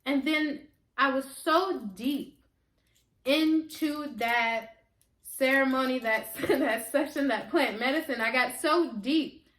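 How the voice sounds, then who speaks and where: This woman's voice is high and a bit bright. She's an American holistic healer recounting a spiritual experience of her own with earnest emotion and plenty of repetition, recorded in a room full of echo.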